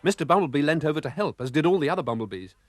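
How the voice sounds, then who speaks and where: A man narrating a children's storybook cartoon, expressive and voicing the sound effects himself. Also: fairly high pitch, racing, music in the background.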